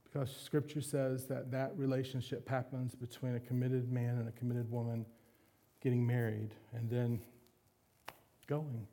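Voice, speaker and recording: A man's voice: mid-range voice, level tone, moderate pace, warm tone. A man preaching a sermon as a pastor, candid and confessional with self-deprecating humor.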